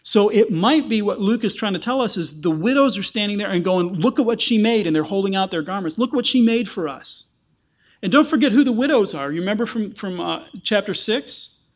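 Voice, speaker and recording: A man preaching a sermon, explaining a passage and acting out the people in it with lively quoted voices. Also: sits high. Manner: animated, acts out quoted voices.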